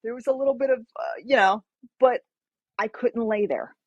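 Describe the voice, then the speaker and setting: A woman guest author telling a personal story in lively conversation, acting out what others said and using precise medical terms. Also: fairly high pitch, moderate pace, no echo, highs cut off. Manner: animated, acts out quoted people.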